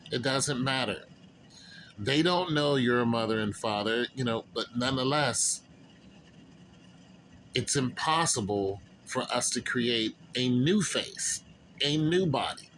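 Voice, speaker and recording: A man telling stories in a casual monologue at an ordinary, mid-range pitch. He rambles earnestly and loses his thread with fillers. A faint noise floor sits under the voice. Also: expressive, takes it slowly, fairly bright tone, poor audio. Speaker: vlogger.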